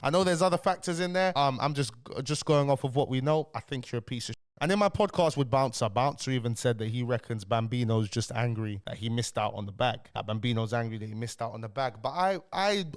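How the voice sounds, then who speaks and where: A man's voice: mid-range voice, quick pace, few pauses. A young man giving blunt, heated reaction commentary, sounding ill. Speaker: YouTube commentator.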